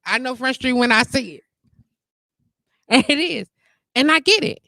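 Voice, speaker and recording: Female live-show host, fairly high pitch, lively and talkative. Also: moderate pace, creaky, no echo. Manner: animated, repeats "you get what I'm saying". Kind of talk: casual live-stream chat.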